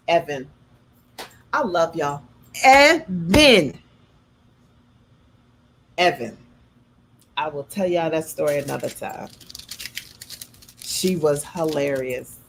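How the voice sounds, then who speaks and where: A middle-aged woman hosting from her home kitchen, chatting casually with viewers and telling personal stories, calling them y'all and baby. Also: low-pitched. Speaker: host. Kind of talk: casual chat storytelling.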